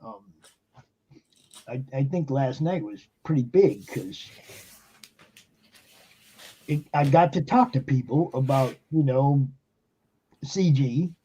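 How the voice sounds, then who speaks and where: A man's voice: medium pitch, lively intonation, takes it slowly, long pauses, warm tone, husky, low-quality recording. A man hosting a live stream, talking casually and emphatically with lots of fillers and swearing. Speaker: streamer and show host. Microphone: computer mic on a live stream.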